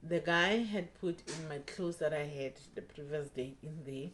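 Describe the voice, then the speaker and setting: Young woman telling a story, slow and low, plays out what everyone said. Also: slight background noise. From South Africa. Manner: animated retelling, acting out quoted dialogue. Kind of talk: casual storytime vlog.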